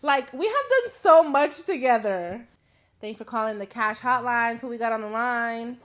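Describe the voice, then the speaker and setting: A woman's voice: on the high side, lively intonation, normal speed, fairly bright tone. A young woman hosts a casual call-in live stream in her own voice. She talks openly and swears freely, with frequent laughs between thoughts. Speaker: host.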